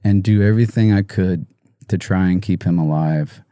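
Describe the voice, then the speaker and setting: Musician guest, man, low and very dark voice, halting and choked up, dry close sound. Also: clean tone, no echo. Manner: halting, soft-spoken, many fillers and restarts. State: emotional, choked up. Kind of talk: podcast interview.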